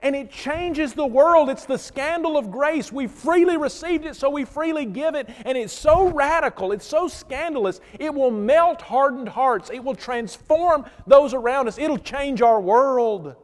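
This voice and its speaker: High-voiced preacher in a reverberant church. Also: male voice, lively intonation, a little slow, few pauses. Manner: storytelling with dynamic swings from loud to hushed. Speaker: pastor. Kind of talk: sermon.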